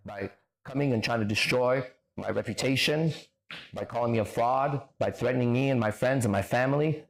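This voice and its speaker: A man's voice: medium pitch, gravelly. A man hosting a livestream, answering chat comments in a confrontational, profane, lecturing way. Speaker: host.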